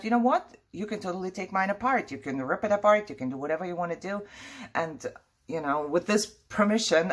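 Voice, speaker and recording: A woman talks as she crafts at home, rambling and easygoing, with plenty of fillers and little laughs. Her voice sits a bit low for a woman. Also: fairly bright tone, slightly rough. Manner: rambling, chatty storytelling with frequent fillers and laughs. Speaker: crafting vlogger. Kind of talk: casual chat while crafting. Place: home living room.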